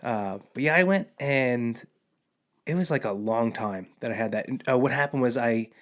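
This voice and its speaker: A man's voice: medium pitch, moderate pace. A man who is a guest on a podcast, telling anecdotes in a casual, rambling way and often restarting his sentences. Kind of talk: casual chat.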